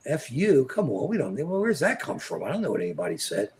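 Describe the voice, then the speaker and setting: A man's voice: medium pitch, huge pitch swings, fast, a little mellow. A man co-hosting a live political chat show, talking animatedly and calling out viewers by name. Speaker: co-host. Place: at home in New York.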